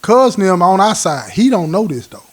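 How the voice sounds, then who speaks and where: High-voiced man spinning a street story. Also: moderate pace. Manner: street slang, acts out quoted dialogue; animated, laughs at his own story. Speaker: host telling his own prison stories. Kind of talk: casual spoken storytelling.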